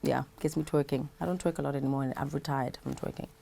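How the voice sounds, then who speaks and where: A woman's voice: very deep voice, fairly even intonation, fast, vocal fry, warm tone. A South African woman, a radio presenter, chatting playfully and animatedly in a casual interview, laughing often. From KwaZulu-Natal, South Africa.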